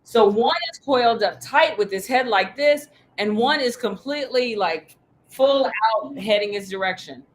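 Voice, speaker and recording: A woman coaching a group in an animated, emphatic, blunt way, with the odd curse. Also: a little high, normal speed, rough recording. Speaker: sales coach. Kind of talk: coaching talk.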